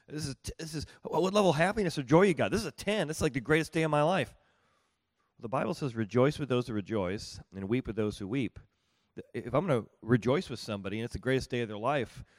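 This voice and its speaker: Male workshop leader, conversational, repeats and restarts himself a lot, dry close sound, mid-pitched voice. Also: darkish tone, no room sound. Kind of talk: live group teaching. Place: room with small groups at tables.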